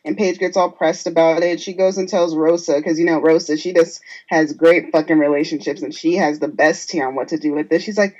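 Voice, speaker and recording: A woman's voice: low voice, fairly even intonation, fairly quick, few pauses, darkish tone, highs cut off. A woman co-hosting a podcast, recapping a reality show with sarcastic, salty asides. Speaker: podcast co-host. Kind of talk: casual chat.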